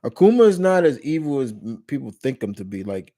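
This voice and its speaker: A man's voice: medium pitch, big pitch swings, a little fast, mellow. A man from New York with a New York accent, hosting a casual live Q&A stream, rambling through restarts and fillers, blunt and jokey with casual swearing. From New York, USA.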